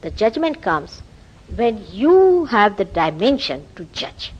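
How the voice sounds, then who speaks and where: A woman's voice: medium pitch, takes it slowly, slightly rough, lo-fi sound. A woman with an Indian accent giving a spiritual lecture, telling stories and acting out quoted dialogue. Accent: Indian English. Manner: animated storytelling, acts out quoted dialogue. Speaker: spiritual teacher.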